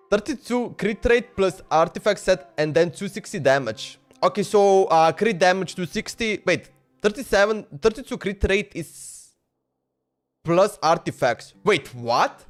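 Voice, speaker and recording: A talkative male streamer on a live stream, chatting loosely with his viewers in broken English. His voice is high for a man, and he laughs often. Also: animated, a little slow, soft background music. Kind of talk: casual live-stream chat.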